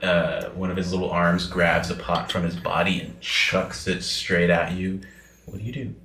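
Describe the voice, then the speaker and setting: A man narrating a tabletop game as game master, often halting with fillers. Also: low voice, fairly even intonation. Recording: echoey room with noise.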